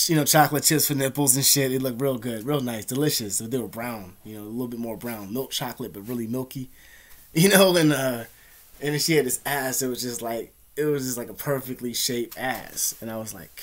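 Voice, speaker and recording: An American man telling rambling, profane stories in a casual vlog, laughing often. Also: mid-range voice. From United States. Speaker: vlogger. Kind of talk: casual storytelling.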